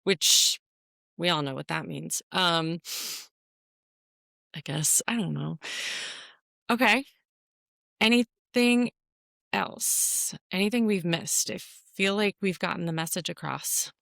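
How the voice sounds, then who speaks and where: Woman from Virginia, podcast co-host, playful, laughs a lot, lowish voice, dry close sound. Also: takes it slowly, gravelly, pauses often, a bit bright, no room sound. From Virginia, USA. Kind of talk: casual podcast chat.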